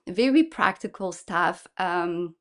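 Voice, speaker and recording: A woman's voice: fairly low pitch, takes it slowly. Woman with a mixed Polish-English accent. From Poland. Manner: earnest, practical, searching for words. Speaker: guest, kids ministry leader. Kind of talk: casual podcast interview.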